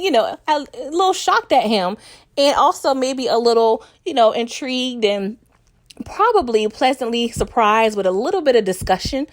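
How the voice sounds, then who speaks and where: A woman's voice: a little high, lively intonation, moderate pace. Chatty woman recapping a TV episode. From New York. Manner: chatty, laughs often, addresses viewers as "y'all", acts out characters' lines.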